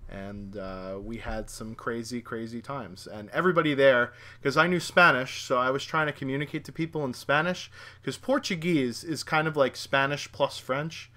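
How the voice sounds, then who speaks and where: A young man with a bright, forward voice, running a relaxed Q&A at home. He jokes and teases in a self-mocking way, and his pitch sits right in the middle. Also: normal speed. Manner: joking, self-mocking, teasing. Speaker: channel host. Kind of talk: casual Q&A chat.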